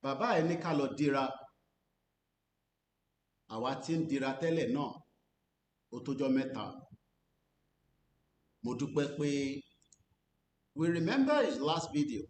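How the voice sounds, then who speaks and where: A Nigerian man speaking as an activist commentator, switching between English and Yoruba. He talks earnestly and deliberately, pressing on key phrases. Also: animated, a little mellow. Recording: roomy recording with faint rumble.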